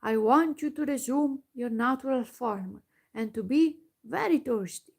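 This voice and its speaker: A woman voicing a solemn old male wizard in whispered role-play, speaking slowly. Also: on the high side, creaky, a little mellow. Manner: slow, solemn.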